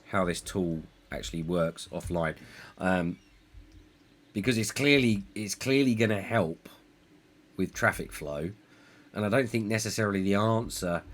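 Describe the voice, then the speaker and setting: A man's voice: low voice, unhurried, pauses often, slight background noise. A man streaming a city-building game, thinking aloud in a rambling, self-deprecating way. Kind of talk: live gameplay commentary.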